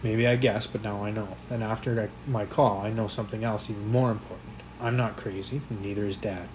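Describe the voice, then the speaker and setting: A man narrating a first-person novel in a quiet, measured way, with occasional slips. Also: lowish voice, steady tone, noisy background. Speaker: audiobook reader.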